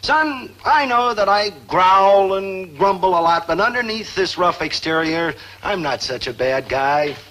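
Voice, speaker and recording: A man's voice: high voice, lively intonation, a little slow, hardly any pauses, sharp tone, heavily acted, rough recording. A blustery middle-aged father. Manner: blustery, grumbling. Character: gruff but soft-hearted father. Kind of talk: sitcom acting.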